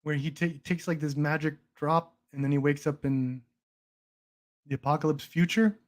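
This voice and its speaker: A young man talks on his livestream in a slightly high voice. He rambles, restarts his sentences and swears as he chats casually about movies. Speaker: stream host.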